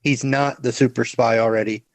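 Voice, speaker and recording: A man's voice: medium pitch, steady tone, moderate pace, no echo. Podcast guy, mid voice, kinda trails off, dry close sound. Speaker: podcast co-host. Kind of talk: casual chat.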